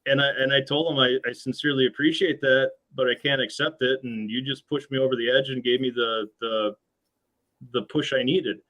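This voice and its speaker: This time the American shop owner, middle-aged, sounds brisk, his mid-range voice fairly even in intonation yet pushed and bright on a rough recording. Chatting casually as an interview guest, he stays earnest, hesitating and restarting a lot.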